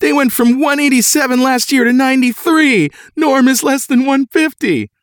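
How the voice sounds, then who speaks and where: A man voicing an excited female nurse on the phone, reading her part from a letter in a high, gushing voice. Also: normal speed, no echo, clean studio sound.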